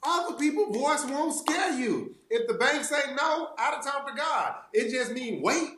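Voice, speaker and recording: A man co-hosting a church talk show, lively and folksy, laughing as he makes his points. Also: very high voice, measured pace, reverberant. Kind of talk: casual faith discussion.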